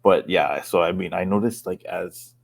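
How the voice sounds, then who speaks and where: Deep husky man, hesitant. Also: normal speed. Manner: hesitant, with many "you know"s. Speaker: podcast co-host. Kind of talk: casual chat.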